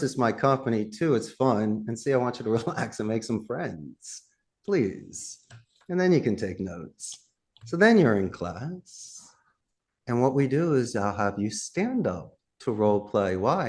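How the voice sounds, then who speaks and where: Punchy, animated male business coach. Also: medium pitch. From United States. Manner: punchy coaching talk full of rhetorical questions. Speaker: guest, telemarketing trainer. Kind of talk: podcast interview.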